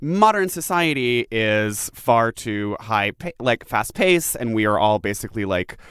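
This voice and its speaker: A man co-hosting a podcast in casual chat, wry and teasing with quick jokes. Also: medium pitch, very animated, fairly bright tone, clear, resonant tone, no room sound, clean studio sound. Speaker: podcast co-host.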